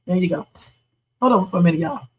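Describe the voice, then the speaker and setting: A woman's voice: fairly low pitch, expressive, fast, husky, low-quality recording. A middle-aged woman hosting a reaction livestream, giving blunt, emphatic commentary straight to her chat.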